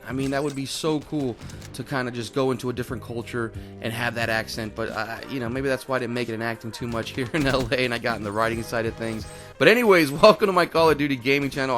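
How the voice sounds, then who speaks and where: A man's voice: mid-range voice, a bit bright. A man hosting a gaming channel, giving chatty, rambling, upbeat commentary over gameplay.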